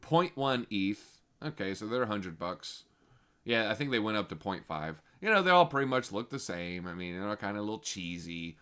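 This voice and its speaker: A man hosting a casual crypto livestream, reading chat messages and reacting in a slangy, animated way that swings from low mutters to loud excited outbursts. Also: moderate pace, clean tone. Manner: slangy, reads viewer chat aloud. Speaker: crypto show host.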